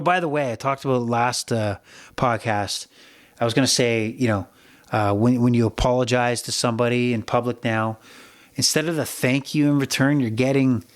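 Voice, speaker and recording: A middle-aged man hosting a solo sports betting podcast, talking bluntly and with plenty of swearing as he rambles through his opinions. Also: mid-range voice. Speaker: podcast host.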